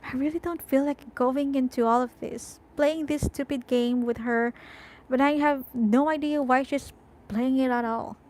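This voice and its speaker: A woman reading a first-person novel aloud in a slow, deliberate way. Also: high voice, steady tone, darkish tone, rough recording. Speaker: audiobook reader.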